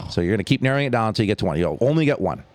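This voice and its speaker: Man, low voice, enthusiastic, casual podcast guest, dry close sound. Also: sing-song, no echo. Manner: enthusiastic, talks in quick bursts, fond of 'like' and 'you know'. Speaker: charity founder and music teacher, guest.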